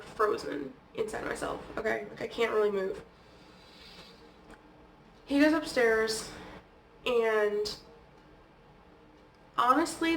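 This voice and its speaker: A woman vlogger with a somewhat high voice tells personal stories in a loose, conversational way. She keeps dropping "like" and "okay?" as she talks. She sits back from the mic in an echoey room with faint background noise. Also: distant mic. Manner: chatty, peppered with "like" and "okay?". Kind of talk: casual personal storytelling.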